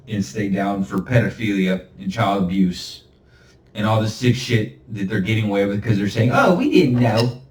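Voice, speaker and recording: Man, low voice, rambling preachy podcast host, recorded far from the mic in an echoey room. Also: a little mellow, slight background noise. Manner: rambling, emphatic and preachy, with chuckles. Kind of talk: solo podcast monologue.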